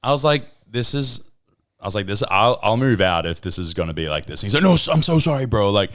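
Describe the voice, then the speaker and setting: Speaking briskly in a voice on the low side, a man co-hosts a podcast and spins stories in easygoing talk. He gets animated and delivers quotes in a raised voice.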